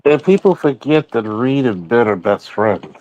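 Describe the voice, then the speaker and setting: A man's voice: mid-range voice, expressive, moderate pace, a little mellow, poor audio. A man co-hosting a casual pop-culture chat, talkative and explaining comic lore. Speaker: podcast co-host.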